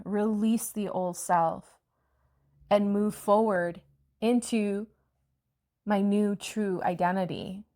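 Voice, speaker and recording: A woman coach giving an earnest, reflective motivational talk with a spiritual bent. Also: medium pitch.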